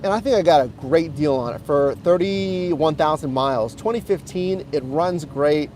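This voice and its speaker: A man's voice: a little high, normal speed, a little mellow, slight background noise. A man streaming live from his car, enthusiastically showing viewers around the vehicle and chatting with them as he films on a handheld phone. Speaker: rideshare driver and streamer. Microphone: handheld phone camera.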